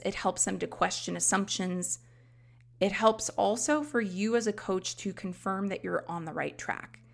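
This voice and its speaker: Woman with a gravelly voice, teaching casually. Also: medium pitch. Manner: explanatory, conversational teaching with frequent "you know" asides. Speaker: life coach trainer and podcast host. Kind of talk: instructional podcast talk.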